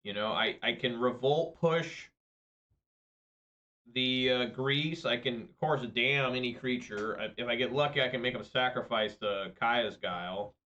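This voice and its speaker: A man's voice: medium pitch, measured pace, sharp tone, muffled recording. A man playing an online card game, commenting on his play in a profane, exasperated rant. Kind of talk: live gameplay commentary.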